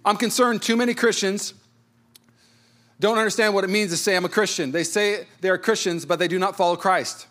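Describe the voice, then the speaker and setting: A pastor in his thirties preaching a sermon with a fairly high, light voice. He talks in a conversational, storytelling way and pokes fun at himself. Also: fairly quick, fairly bright tone. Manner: conversational, storytelling with self-deprecating humor.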